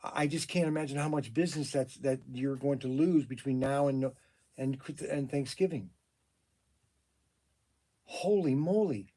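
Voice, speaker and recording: A middle-aged man, a hobby shop owner, taking phone calls and exclaiming in loud disbelief, often repeating himself. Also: mid-range voice, steady tone, moderate pace. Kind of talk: phone calls during a work livestream. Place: his toy shop.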